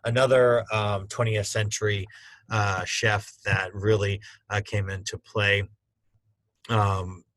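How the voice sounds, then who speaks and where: A man's voice: on the low side, little pitch movement, slow, a bit bright, dry recording, rough recording. A man teaching a culinary school class in a casual, conversational lecture with frequent fillers. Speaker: culinary instructor.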